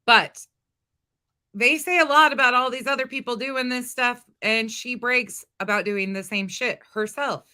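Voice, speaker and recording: Host of a gossip chat: a woman with a bright, clear voice who asks the viewers rhetorical questions. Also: fairly high pitch, measured pace.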